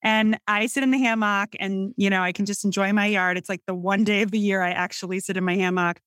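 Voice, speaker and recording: A middle-aged woman from the Midwest with a Midwestern American accent, talking in a chatty, animated storytelling way in a casual conversation. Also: medium pitch, brisk, clear, resonant tone, no room sound, studio quality. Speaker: cookbook author guest.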